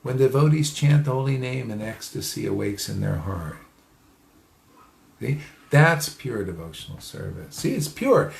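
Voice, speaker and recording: A man's voice: medium pitch, very animated, measured pace, gravelly. A man giving an informal spiritual talk, repeating phrases for emphasis, laughing often and speaking straight to his listeners. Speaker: spiritual teacher. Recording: echoey room.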